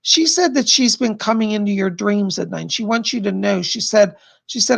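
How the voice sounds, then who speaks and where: A man's voice: high voice, normal speed, vocal fry, few pauses, a bit bright. A man hosting a live stream of psychic readings, chatty and rambling, who keeps repeating what the spirits say. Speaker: psychic livestream host.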